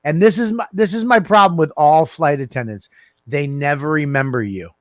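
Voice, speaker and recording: A man's voice: a little high, normal speed, no room sound, clean studio sound. A man co-hosting a casual comedy podcast, telling crude stories and acting out the people in them. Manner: crude, animated storytelling with acted-out quotes. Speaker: podcast co-host.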